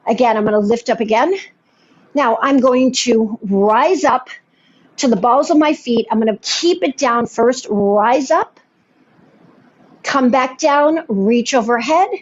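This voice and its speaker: A woman's voice: a little high, muffled recording. A woman Pilates instructor giving a live class and cueing each movement while she does it, encouraging throughout.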